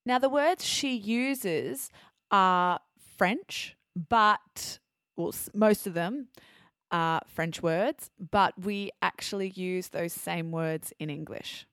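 A woman's voice: on the low side, slow pace, a bit bright, smooth, no room sound, clean studio sound. A woman with an Australian accent hosting a podcast for English learners, chatty and self-correcting as she carefully explains words. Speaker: podcast host.

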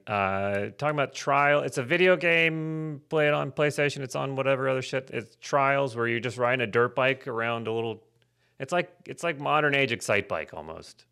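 A man's voice: medium pitch, creaky, bright, forceful tone, clear, resonant tone. A man co-hosting a comedy podcast, chatting casually in a rambling, self-mocking way and swearing freely. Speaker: podcast co-host.

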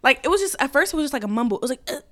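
A woman's voice: high voice, sing-song, racing, bright, forceful tone. A young woman hosting a podcast, telling a story in casual chat, giggling often and filling her speech with "like" and "um". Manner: chatty, giggly, heavy filler words. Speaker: podcast host.

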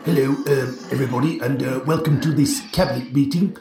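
Man plays bumbling posh PM, sputtering fillers, gravelly, distant roomy sound. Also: medium pitch, brisk, crowd noise, natural voice. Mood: blustering. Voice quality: posh bluster with stammering fillers. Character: bumbling blustering male prime minister, posh and crude. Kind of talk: satirical sketch. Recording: roomy, distant, faint noise.

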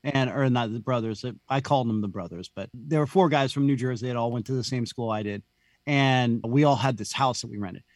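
A man's voice: mid-range voice, a little fast, no echo. A man talking as a podcast guest in a casual, rambling chat, laughing often and saying "dude".

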